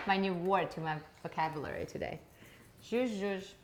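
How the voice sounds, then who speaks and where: A woman's voice: medium pitch, very animated, unhurried, slight background noise. A woman hosting a cooking chat show, playful and encouraging as she cooks with her guest in a home kitchen. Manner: warm encouraging listener, playful. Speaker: host.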